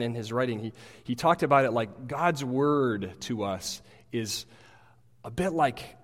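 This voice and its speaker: Male pastor, thirties, earnest and halting sermon delivery, echoing sanctuary. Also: mid-range voice. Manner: earnest, halting, repeats words. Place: church sanctuary. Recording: long hall reverb.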